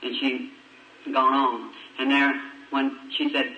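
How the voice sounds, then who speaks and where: A man's voice: medium pitch, little pitch movement, slow, highs cut off, a little hiss or hum. A man preaching in a folksy, emotional storytelling way with plain country grammar, recorded from a distance on an old roomy sermon tape.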